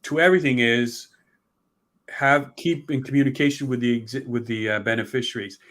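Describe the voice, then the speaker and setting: A man talks through estate matters in a loose, rambling interview manner, often restarting mid-sentence. His voice sits at an ordinary middle pitch for a man, and he slips into little acted-out voices of impatient heirs. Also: steady tone, brisk, a bit bright. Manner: rambling, restarts often, acts out complaining beneficiaries. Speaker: author and guest on estate planning. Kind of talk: conversational interview.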